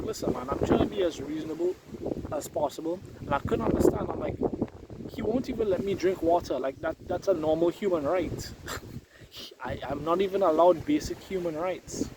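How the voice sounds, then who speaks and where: A young man telling a personal story to camera, animated as he quotes his father and himself. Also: a little high. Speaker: vlogger. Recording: loud wind and background noise on mic.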